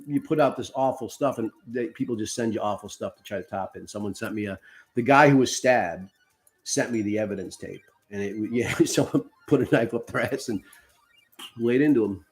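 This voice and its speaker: A middle-aged man co-hosting a podcast, telling stories in a casual, excitable and profane way. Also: medium pitch. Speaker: podcast co-host. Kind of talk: casual live-stream chat.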